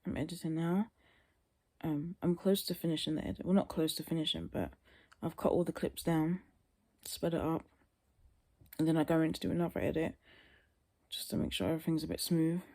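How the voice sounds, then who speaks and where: Tired young woman vlogger rambling, half asleep, bit of vocal fry, dark mellow voice. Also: low-pitched, fairly even intonation, fairly quick. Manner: rambling, tired, trailing off into mutters. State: sleepy, yawning. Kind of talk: casual chat to camera.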